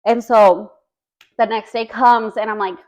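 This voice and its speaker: A woman's voice: fairly high pitch, fairly even intonation, measured pace, a little mellow, dull audio. A woman guest on a podcast telling a personal story in casual chat. She talks earnestly and fills her speech with "like" and "you know.".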